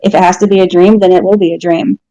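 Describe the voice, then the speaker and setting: A woman sits as a guest and tells a personal story in a frank, casual way, chuckling at herself along the way. Her voice is mellow and warm. The recording is dry, with no room sound. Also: on the low side, fairly even intonation, fast, no echo, muffled recording. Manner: candid, storytelling, laughs at herself.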